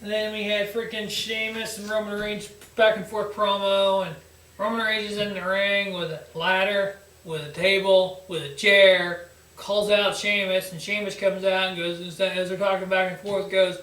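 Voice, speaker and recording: High-voiced man recapping, roomy and distant. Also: little pitch movement, normal speed, bright, forceful tone. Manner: blunt, sarcastic, swears freely. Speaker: wrestling review show host. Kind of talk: casual recap commentary. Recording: roomy echo, distant from mic.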